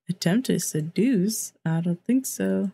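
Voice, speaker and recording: A woman talks through her game in a casual, chatty way, joking and exclaiming as things happen. Her voice sits low and carries a gravelly fry. She acts out the characters' lines without leaving her own voice. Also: warm tone, slight background noise. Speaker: let's play host. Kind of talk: casual gameplay commentary.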